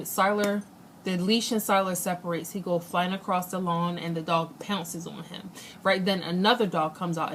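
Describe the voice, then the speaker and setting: A young woman vlogger retelling something that happened to her in a casual, animated way, acting out what people said. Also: lowish voice, slight background noise. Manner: animated retelling, acts out quotes. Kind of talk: casual storytelling.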